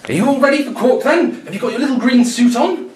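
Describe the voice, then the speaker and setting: A chirpy woman co-worker teases in a high, bright voice, as a man puts her on. The sound carries through a roomy hall. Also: expressive, quick pace, distant mic, slight background noise, close to an everyday voice. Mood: teasing.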